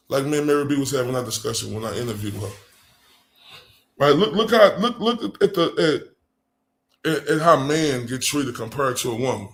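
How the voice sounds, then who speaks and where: A man ranting angrily in profane, mocking commentary. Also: a little high. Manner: angry, profane, mocking rant.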